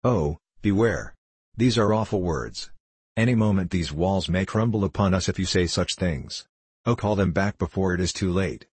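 A man voicing a timid, frightened young page who speaks in old-fashioned, pleading words, in the reader's own low, husky voice. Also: moderate pace, dry recording. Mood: fearful pleading.

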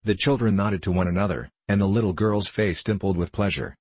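Brief: deep-voiced male narrator, husky, steady storybook reading. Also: a little fast, hardly any pauses, no room sound. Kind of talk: audiobook narration.

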